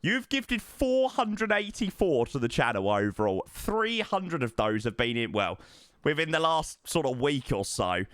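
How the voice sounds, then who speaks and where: A man live-streaming a flight sim, chatting excitedly and thanking subscribers, calling everyone mate. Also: fairly high pitch, unhurried, clear, resonant tone, no echo. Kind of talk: live stream chat while flying.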